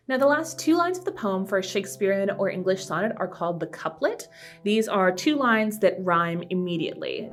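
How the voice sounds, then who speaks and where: A woman presenting a library teen craft tutorial, explaining each step in a friendly, casual way. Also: medium pitch. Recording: soft background piano music.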